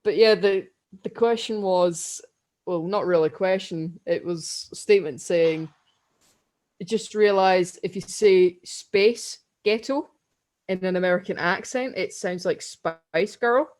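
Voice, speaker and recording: With a fairly low, unhurried, slightly mellow voice, a young woman from Scotland co-hosts a podcast. She chats casually, rambles through long stories, and laughs a lot.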